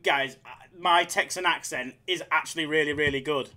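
A man's voice: fairly high pitch, brisk, few pauses, bright, forceful tone. A man with a Yorkshire accent hosting a live slots stream, chatting and joking casually with viewers. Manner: chatty, jokey, laughs often.

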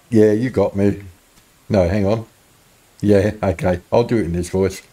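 A man's voice: lowish voice, measured pace, warm tone. A man giving joking, playful commentary while playing a video game. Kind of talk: casual gameplay commentary.

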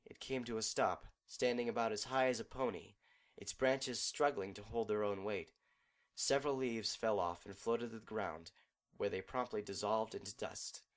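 A man narrating a fan fiction audiobook in a steady, measured storytelling manner. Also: fairly low pitch.

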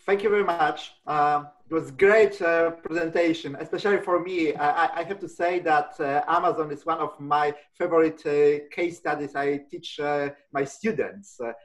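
A man's voice: on the high side, moderate pace, hardly any pauses, low-quality recording. Hesitant man, many fillers. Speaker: professor and interviewer. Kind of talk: halting interview questions.

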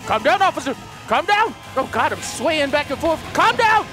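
A man doing loud, goofy, excitable commentary as he plays a game, often laughing. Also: very high-pitched, normal speed, loud music behind the voice. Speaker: let's play host. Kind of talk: gaming commentary.

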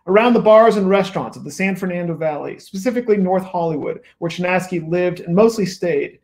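A man's voice: high voice, a little mellow. A male author reading from his own book at a bookstore event, adding wry asides. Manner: wry asides between read passages.

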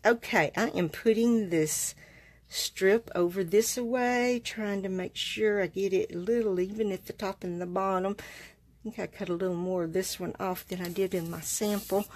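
During a live card-making demonstration, a woman chats with viewers in a folksy, rambling way full of asides. Her voice is mid-range and measured in pace.

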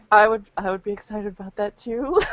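A woman's voice: a little high, no room sound, dull audio. A woman co-hosting a casual comedy webcast, chatty and laughing often. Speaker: co-host.

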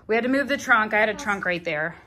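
A woman's voice: medium pitch, lively intonation, fast talker, bright, forceful tone. A woman with a Southern US accent, chatting casually and a little self-deprecating as she vlogs from her living room. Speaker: vlogger. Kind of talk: casual home vlog.

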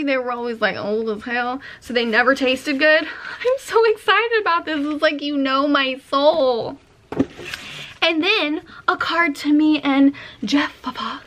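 A young woman, chatting casually to camera while opening fan mail, sassy and excitable, swearing freely. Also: sits high, slight background noise.

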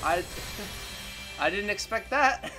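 A man reacting to gacha game pulls, excitable, swearing a lot and pleading with the game. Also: high-pitched, takes it slowly, soft background music. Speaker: gaming content creator.

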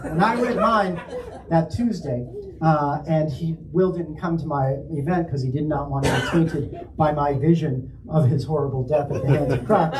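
A man's voice: a little high, mellow. A man telling a funny anecdote and then reading his story aloud with dramatic flair, often breaking into laughter. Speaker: author at a bookstore event. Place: bookstore event room. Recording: echoey room, mic at a distance.

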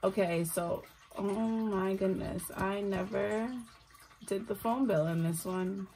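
Counting out cash for her budget, a tired single mother and budgeting vlogger talks casually and makes self-deprecating remarks. She speaks slowly in a mid-range, dark voice with a steady tone, over a little hiss or hum.

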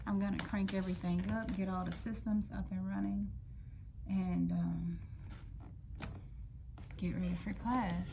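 A woman's voice: mid-range voice, little pitch movement, unhurried, gravelly, pauses often. A woman in her forties vlogging casually about her day as a teacher, speaking earnestly and prayerfully to God about her struggles. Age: 40s. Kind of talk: casual day-in-the-life vlog. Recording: loud car and street noise behind.

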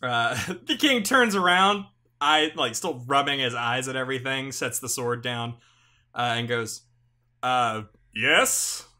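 A man narrates as game master of a tabletop game, his speech unhurried and full of halting restarts. His tone is bright and forward, and he slips into the king's lines without much change of voice. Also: mid-range voice. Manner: halting, many fillers and restarts, laughs often.

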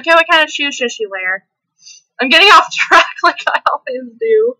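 A woman's voice: sits high, big pitch swings, moderate pace, sharp tone, rough recording. A woman hosting a gameplay video, chatting hyperly and laughing often, sometimes slipping into a country twang. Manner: slips into a country twang at times. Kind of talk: casual chat while playing.

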